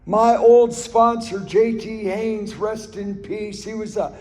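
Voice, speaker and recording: Taking it slowly in a high, steady and slightly mellow voice, this speaker tells his recovery story with earnest emphasis. The talk is recorded in a reverberant hall, and he repeats phrases and shares stories along the way.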